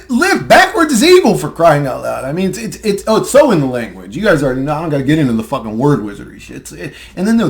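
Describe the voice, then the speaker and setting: Young man, high voice, rambling profane monologue, sarcastic and heated. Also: gravelly. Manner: heated, profane, sarcastic, laughs mid-sentence. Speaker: conspiracy video ranter.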